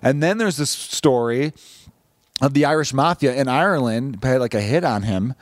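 A man's voice: medium pitch, animated, moderate pace, dry recording. A man hosting a podcast in casual chat, rambling and profane, often restarting his sentences. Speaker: podcast host.

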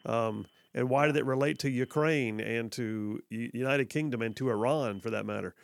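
A man's voice: mid-range voice, moderate pace, vocal fry, no echo. A man hosting a casual talk radio show, chatty and full of fillers. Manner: chatty, hesitant with many fillers.

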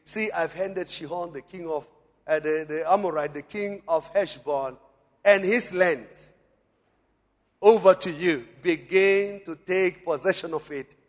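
A pastor preaches a sermon in a church hall, calling on the congregation to answer and repeat after him. His voice is fairly high and a little slow, and the recording carries long church-hall reverb.

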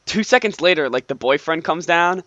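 High-voiced, lively young-sounding man chatting. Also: no room sound, lo-fi sound. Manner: laughing, sarcastic, quick asides. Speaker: movie review co-host. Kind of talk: casual chat.

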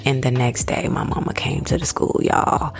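A woman in her thirties tells a personal story in a relaxed, chatty way. Her voice sits low and has a gravelly edge, and she often drops into a hushed near-whisper. Soft music plays faintly underneath. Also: moderate pace. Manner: conversational, addresses listeners as y'all, acts out quoted voices.

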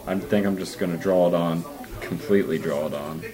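A man co-hosting a casual podcast, teasing his partner with laid-back, deadpan banter. His voice sits somewhat low. He talks in an easy, unhurried way. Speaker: podcast co-host. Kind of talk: casual chat.

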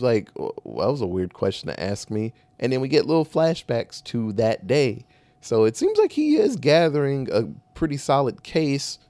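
A medium-pitched, slightly mellow male voice, recorded with no room sound, belongs to a talk show co-host recapping a movie. His casual chat rambles, turns profane, and keeps correcting itself.

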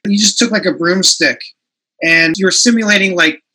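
A man's voice: sits high, moderate pace, sharp tone, breathy edge, low-quality recording. A man hosting a casual interview, who runs his own grappling school and reacts eagerly to his guest. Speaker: host, jiu-jitsu school owner.

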